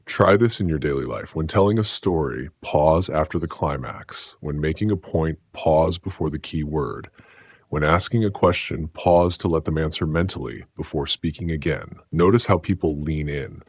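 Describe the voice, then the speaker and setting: Man, very low voice, husky, measured scripted narration, dry close recording. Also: no echo. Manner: slow, measured, declarative. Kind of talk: scripted self-help narration.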